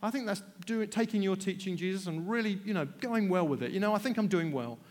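A preacher voicing a self-pleased, chatty disciple. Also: male voice, high-pitched, fast, lightly acted. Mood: smug. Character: self-satisfied male disciple, eager to please. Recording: long hall reverb.

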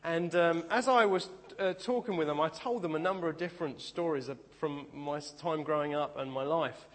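A man's voice: fairly high pitch, moderate pace, in a large hall. A man preaching a sermon, telling personal stories with self-deprecating humor and stop-start phrasing. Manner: speaks in bursts with repeated restarts.

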